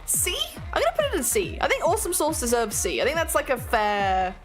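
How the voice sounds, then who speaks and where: British woman streamer, chatty and giggly, lively pitch, music quietly behind. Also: fairly quick. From Britain. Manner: chatty, giggly, self-mocking. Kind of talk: casual chat stream. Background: faint music playing.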